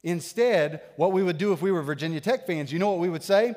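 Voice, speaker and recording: A man in his thirties preaching a sermon as a pastor, animated, swinging between loud bursts and hushed asides. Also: high-pitched, fast talker, in a large hall. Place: church sanctuary.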